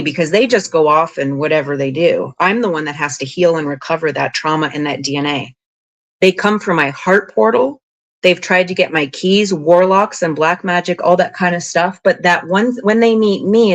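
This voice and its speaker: A woman guest on an interview podcast, telling long spiritual stories in a rambling, animated way, full of "like" and "you know". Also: on the low side. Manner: rambling, animated, frequent 'like' and 'you know'. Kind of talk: casual interview storytelling.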